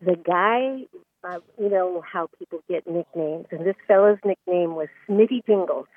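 A woman's voice: fairly low pitch, normal speed, no room sound. A woman calling in to a radio talk show, telling an earnest, emotional story. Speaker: caller. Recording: tinny phone line, dry.

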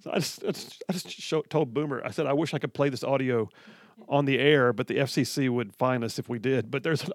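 A male talk radio host holds forth in an animated, mocking monologue. His voice sits a little high for a man and comes across close and dry, with no room sound. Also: no room sound. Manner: animated, mocking, quotes others in put-on voices.

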